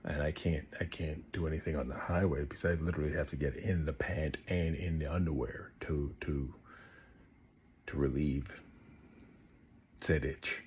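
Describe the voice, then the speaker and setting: A man telling a comic story to the camera, swinging between loud bursts and hushed asides. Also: extremely low pitch, fairly even intonation, normal speed, a little hiss or hum.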